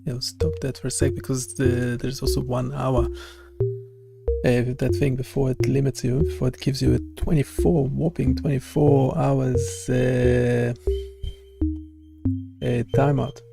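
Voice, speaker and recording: A man developer streaming live, talking casually and haltingly as he thinks aloud, with many fillers. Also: mid-range voice, little pitch movement, vocal fry, loud music behind the voice.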